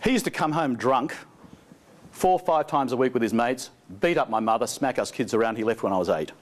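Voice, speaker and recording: A man voicing a hardened male ex-convict who gives flat, clipped answers. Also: mid-range voice, a little fast, natural voice.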